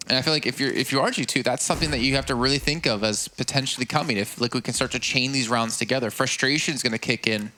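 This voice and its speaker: A man commentating live on an esports match in a measured, analytical way. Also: medium pitch, bright, forceful tone, a little hiss or hum.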